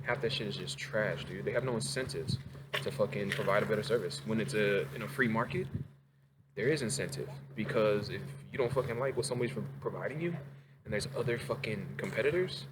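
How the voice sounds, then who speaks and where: A man's voice: on the low side, a little fast, noisy background. A man ranting casually in a profane, rambling way in his home kitchen. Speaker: vlogger. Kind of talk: casual rant to camera.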